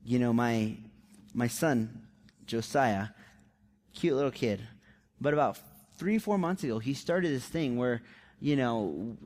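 A man preaching a sermon, animated and conversational, often throwing rhetorical questions to the congregation. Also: medium pitch. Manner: emphatic storyteller. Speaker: pastor.

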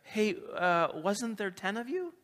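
A man's voice: high-pitched, very animated, measured pace, fairly bright tone, full character voice. A man doing a wry, puzzled Jesus. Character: a wry, puzzled Jesus counting his followers.

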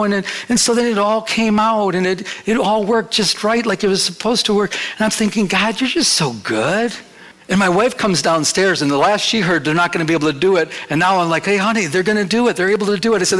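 A middle-aged man preaching a sermon, telling a personal story and acting out the dialogue with lively energy. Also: high voice. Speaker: pastor.

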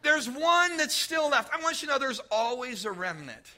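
A man preaching a sermon to his congregation, talking to them directly and rising into shouted emphasis. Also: very high-pitched, sing-song, moderate pace. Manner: conversational, addresses congregation directly. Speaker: pastor.

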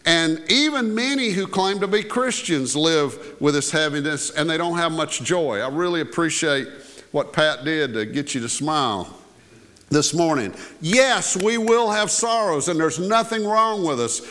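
A man's voice: a little high, expressive, measured pace, fairly bright tone. An older man preaching a sermon as pastor in a church, talking in a folksy, conversational way with asides and filler words. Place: church sanctuary.

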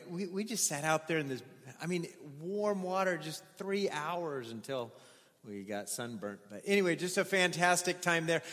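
A man's voice: fairly high pitch, a bit bright, in a large hall. A male pastor giving a chatty, story-filled report on a mission trip to his congregation.

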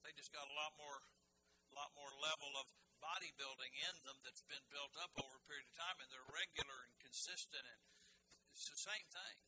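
A man's voice: a little high, fairly quick, background noise. A man preaching a sermon as pastor, in a folksy, conversational way with humorous asides and frequent restarts.

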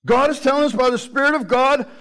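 A man preaching a sermon with animated delivery, acting out the voices he quotes. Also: very high voice, fast talker, low-quality recording.

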